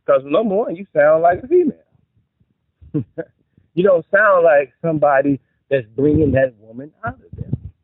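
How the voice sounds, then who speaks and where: A man talks through relationship advice in a lively, chatty monologue, with a fairly high, husky voice. His pitch swoops up and down as he makes his points and drops in jokes. The sound is dry and tinny, like a phone line. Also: no room sound. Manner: animated and chatty, mixes in joking asides. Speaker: vlogger giving relationship advice.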